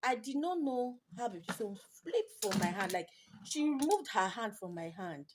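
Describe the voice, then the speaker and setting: A woman's voice: fairly high pitch, big pitch swings, moderate pace. A young Nigerian woman, a mother vlogging, telling an emotional, rambling story to her viewers in English mixed with Pidgin. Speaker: mommy vlogger. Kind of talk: personal storytelling to camera. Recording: noisy home video recording.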